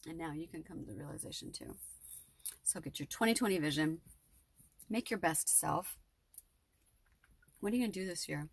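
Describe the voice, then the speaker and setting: Husky gravelly woman, heartfelt rambling vlog. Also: sits low, lively intonation, moderate pace, pauses often, no echo. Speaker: vlogger. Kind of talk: emotional personal vlog monologue.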